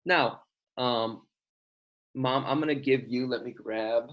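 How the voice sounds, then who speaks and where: A man's voice: medium pitch, slow, lo-fi sound, slight background noise. A male teacher recording patient, step-by-step instructions for a parent and child in a remote lesson.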